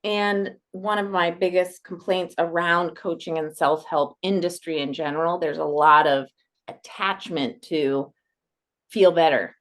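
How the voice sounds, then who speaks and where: A woman with a slightly low voice, speaking as a coaching guest on a podcast. Her talk is casual and animated. She often slips into acting out the voices of others. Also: a little slow. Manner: animated, acts out quoted voices.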